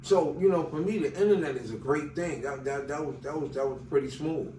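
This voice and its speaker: A man's voice: fairly high pitch, fairly quick, mellow, roomy sound, far from the mic, slight background noise, rough recording. A man from Staten Island with a New York accent, telling loose, slangy stories as a rapper guest in an interview and acting out the dialogue. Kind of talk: casual interview storytelling.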